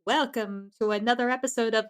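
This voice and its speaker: A woman co-hosting a podcast in casual chat, animated and giggly. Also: fairly high pitch, a little fast, clear, resonant tone. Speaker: podcast co-host.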